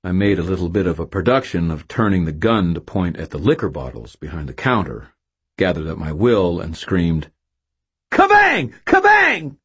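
A man's voice: deep voice, animated, a little fast, slightly rough. A man narrating a first-person novel with a wry, self-mocking storytelling manner. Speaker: audiobook narrator.

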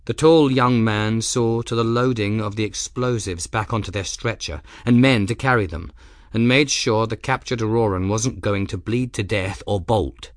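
A man narrates a novel in an even, measured way. His voice is low. The recording is close and dry, with no room sound. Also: dry recording. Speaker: audiobook narrator. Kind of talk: scripted narration.

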